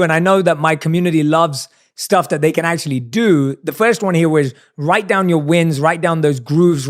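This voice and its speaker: A man hosting an interview, enthusiastically recapping advice for his listeners. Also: fairly high pitch. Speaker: podcast host. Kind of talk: casual interview chat.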